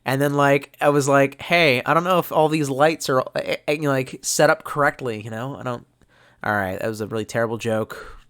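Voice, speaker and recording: A man's voice: medium pitch, normal speed, a bit bright, clear, resonant tone. A man, drunk, rambling and swearing as he reads out chat on a live stream. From United States. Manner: profane, rambling, mock-angry outbursts.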